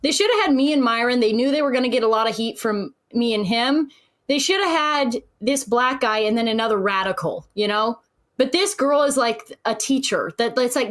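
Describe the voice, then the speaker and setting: A woman's voice: fairly high pitch, normal speed. A woman giving opinionated commentary on a panel in a mocking, dismissive way. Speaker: social media commentator.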